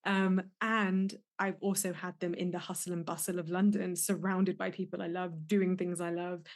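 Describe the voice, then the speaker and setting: A woman's voice: lowish voice, level tone, normal speed. A young adult woman hosting a solo podcast, talking candidly and with emotion, often restarting her sentences as she reflects. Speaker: podcast host and life coach.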